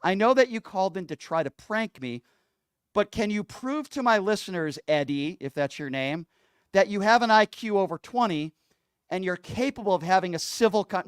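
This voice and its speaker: A man's voice: sits high, clean tone, no echo, studio quality. A man hosting a call-in radio show, taking calls and arguing sarcastically with a prank caller.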